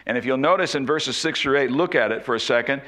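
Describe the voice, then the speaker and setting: A man preaching an expository sermon, slowing down and dropping his voice low to stress key points. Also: sharp tone. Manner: expository preaching, slows and drops low for emphasis. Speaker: pastor.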